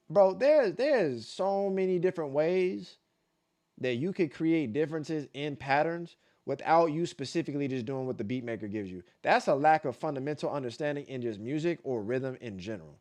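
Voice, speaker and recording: A man's voice: a little high, expressive, moderate pace, a little mellow. Blunt, profane man reacting live. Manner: blunt, profane, repeats himself for emphasis; vocalizes beat patterns aloud. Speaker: streamer reacting to dance battles. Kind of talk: casual live-stream commentary.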